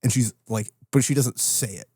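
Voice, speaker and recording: A man's voice: mid-range voice, steady tone, moderate pace, a little mellow, slightly rough, dry recording, clean studio sound. A man co-hosting a podcast in casual chat, ranting with plenty of swearing and laughter. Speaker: podcast co-host.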